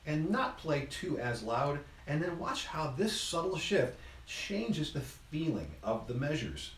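A man giving an instrument lesson, counting beats aloud in an encouraging, relaxed way while he plays. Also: a little high, unhurried, reverberant, over music. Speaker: music teacher.

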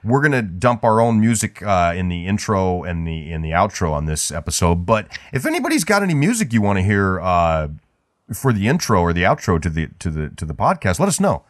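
A man with a fairly low voice that moves up and down a lot keeps up loose podcast banter. He jokes and rambles, filling pauses with ums. The sound is dry and close. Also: sing-song, no echo. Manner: joking, rambling with many fillers. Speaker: podcast co-host.

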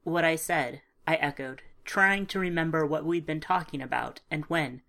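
A woman narrating a first-person story in a calm, measured, understated way. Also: low-pitched, creaky. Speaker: audiobook narrator.

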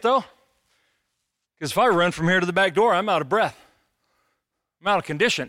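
Pastor, man, middle-aged, lively joking sermon delivery, higher voice, dry close sound. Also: no echo. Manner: animated, joking, conversational preaching.

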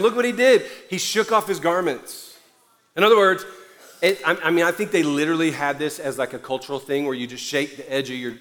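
A man preaching a sermon as pastor, animated and storytelling, with playful asides to the congregation. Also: a little high, long reverb tail.

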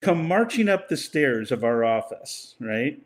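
A man's voice: mid-range voice, big pitch swings, measured pace. An older man telling a rambling story in casual conversation, laughing often and acting out what other people said. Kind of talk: casual anecdote.

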